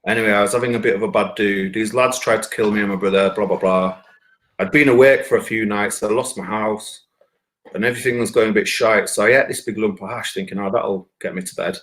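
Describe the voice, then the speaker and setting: A man's voice: fairly low pitch, brisk. A man with a Bradford accent telling a rambling, profane comic story from his own life. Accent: Northern English (Bradford). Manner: profane, rambling, excitable anecdote. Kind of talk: stand-up storytelling.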